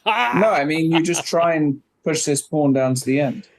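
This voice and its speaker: A man with a fairly high voice coaches his partner through chess puzzles. He asks leading questions and nudges him toward the answer in an easy, conversational way. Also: animated, normal speed, slight background noise. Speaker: chess trainer and co-host. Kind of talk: casual coaching chat.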